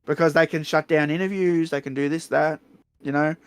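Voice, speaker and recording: An Australian man hosting a stream, telling a story in a blunt, profane, animated way. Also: a little high, brisk, clear, resonant tone, no echo, clean studio sound. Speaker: streamer host. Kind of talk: casual storytelling chat.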